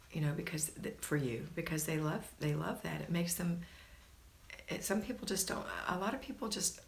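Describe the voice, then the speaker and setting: A woman's voice: on the low side, gravelly. A woman hosting a live question-and-answer talk, speaking earnestly and rambling with restarts. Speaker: host.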